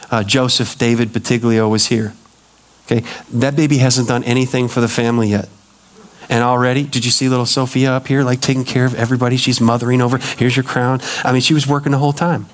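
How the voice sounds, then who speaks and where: A middle-aged male pastor preaching a sermon, telling stories with lively acted-out quotes. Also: medium pitch. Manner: animated storytelling, acting out quoted voices.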